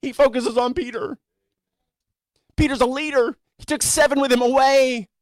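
High-voiced conversational male pastor. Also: steady tone, moderate pace, dry recording. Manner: conversational storytelling preacher, voices characters casually. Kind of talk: sermon.

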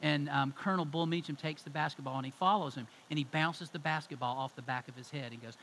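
A middle-aged male pastor delivering a sermon with emphatic, conversational storytelling. His voice sits a little high and rings bright and forceful. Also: steady tone, rapid-fire, few pauses, slight background noise, poor audio.

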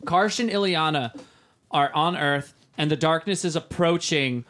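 A man's voice: fairly high pitch, unhurried, fairly bright tone. A man co-hosting a podcast in casual chat, joking and laughing often. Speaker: podcast co-host.

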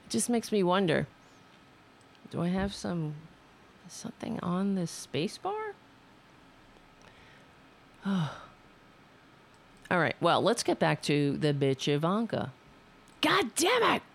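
Woman streamer, gravelly voice, swings widely in pitch, swears freely and talks to herself. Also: animated, takes it slowly, pauses often, slight background noise. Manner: profane, self-scolding, rambling. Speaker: livestream host. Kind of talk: casual livestream chat.

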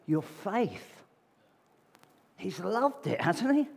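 In a church meeting hall, a man preaches to his congregation conversationally, often posing rhetorical questions. His voice is high and husky with vocal fry, swinging widely in pitch, and he speaks extremely slowly. The recording carries the long reverb of a large hall.

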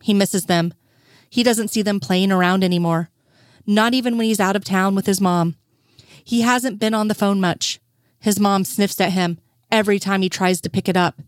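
A woman's voice: mid-range voice, fairly even intonation, normal speed, no echo, studio quality. A young adult woman narrating a fan fiction story in a casual, profane storytelling way. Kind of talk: scripted fan fiction reading.

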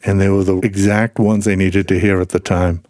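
A man's voice: deep voice, brisk, no echo, studio quality. A man guest on a faith podcast, telling personal stories in casual conversation and acting out the voices he quotes. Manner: animated storyteller, acts out quoted voices.

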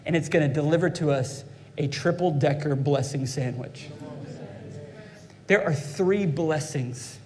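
A man's voice: a little high, darkish tone. A man preaching a fervent sermon as pastor, calling out to his congregation. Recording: long hall reverb.

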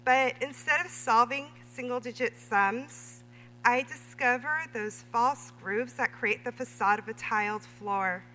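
A woman reading her own memoir prose aloud at a literary reading, measured and deliberate. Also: a little high, bright, forceful tone. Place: reading event in a hall. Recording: reverberant hall with faint hum.

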